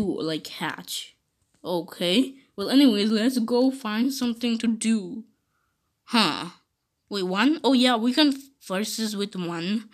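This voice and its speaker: A woman playing a game and role-playing with characters, giggly and excitable. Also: medium pitch. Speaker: channel host. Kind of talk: playful role-play over gameplay.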